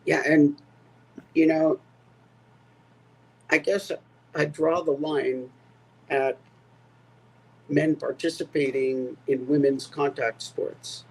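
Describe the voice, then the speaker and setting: A man co-hosting a casual political chat, speaking haltingly with lots of fillers. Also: fairly high pitch, fairly even intonation, husky, poor audio. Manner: halting, slow, full of fillers.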